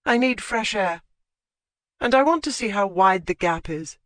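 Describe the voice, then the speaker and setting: An audiobook narrator voicing a bold young noblewoman who talks briskly and sounds bored. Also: mid-range voice, lively intonation, a bit bright, no echo, pitched above the performer's own voice.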